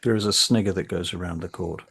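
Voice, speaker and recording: A man narrating as game master of a tabletop role-playing game, halting often with fillers and restarts. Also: deep voice, fairly even intonation, creaky, fairly bright tone, slightly rough.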